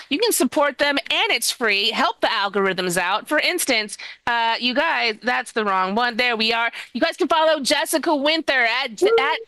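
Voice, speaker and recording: A woman's voice: on the high side, bright, forceful tone, no echo. A woman co-hosting a live comedy stream, bubbly and chatty, who keeps saying "you guys" to the viewers. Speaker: co-host.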